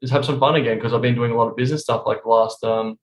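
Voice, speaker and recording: A man's voice: medium pitch, steady tone, very fast, echoey room. A man talking casually on a podcast, telling rambling stories full of swearing. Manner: profane, rambling storytelling.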